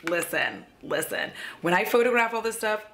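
A woman's voice: mid-range voice, sing-song, moderate pace, fairly bright tone, faint music behind. A woman chatting in a casual beauty haul vlog, gushing and playful with lots of asides. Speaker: beauty vlogger. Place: at home.

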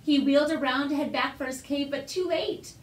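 A woman reading a children's picture book aloud with lively, expressive narration. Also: high voice, brisk. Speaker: storyteller. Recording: roomy echo.

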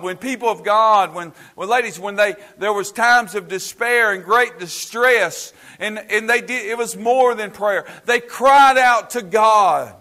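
A pastor preaching a fervent sermon, swinging from loud pleading to quiet, halting talk with many restarts. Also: male voice, high voice. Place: church.

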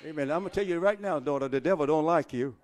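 A middle-aged man preaching a sermon from a church pulpit, calling for amens and rising to shouts. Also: fairly high pitch, quick pace. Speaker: pastor.

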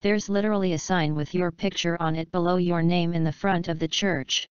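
A woman's voice: lowish voice, fairly even intonation, fairly quick, smooth, no echo, highs cut off, natural voice. A woman doing a wry, offhand young reaper. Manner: offhand and teasing.

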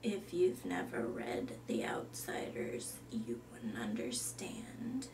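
A woman voicing a gloomy goth girl in whispered role-play, flat and deadpan. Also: high-pitched, normal speed, distant mic, background noise, natural voice.

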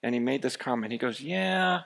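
A man preaching a sermon, telling a story with lively energy that rises to shouts. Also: medium pitch, normal speed, gravelly. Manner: storytelling, animated, rising to shouts. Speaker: pastor.

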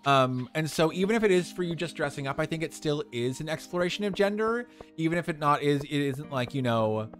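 A man's voice: on the high side, expressive, brisk, a bit bright, faint music behind. A young man in drag live-streaming a farming game, chatting casually with viewers and answering their questions with lots of fillers.

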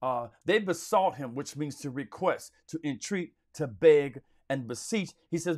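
Slow, emphatic male Bible teacher. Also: fairly high pitch, expressive, a little mellow. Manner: preacherly, emphatic, repeats phrases for stress. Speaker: Sunday school teacher.

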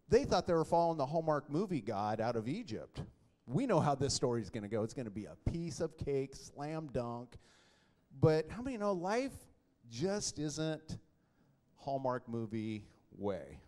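A middle-aged man preaching a sermon in an animated, joking way. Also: fairly high pitch. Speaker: pastor.

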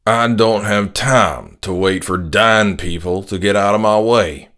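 A man voicing a selfish, rude middle-aged father who speaks in a slow Southern country drawl and sneers dismissively. The voice is lowish and brushes people off. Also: a bit bright. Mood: gruff, dismissive.

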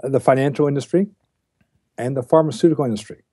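A man's voice: mid-range voice, quick pace, dark tone, husky, no echo, clean studio sound. An older man speaking as a guest on a podcast interview, lecturing bluntly and with emphasis. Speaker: guest, diet researcher.

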